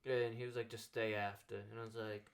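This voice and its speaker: A young man hosting a relaxed chat show, winding through a story and slipping into the voices of the people in it. He leans on fillers and restarts as he talks. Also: fairly low pitch, brisk. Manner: rambling anecdote full of "like" fillers, acting out quoted dialogue. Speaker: podcast host.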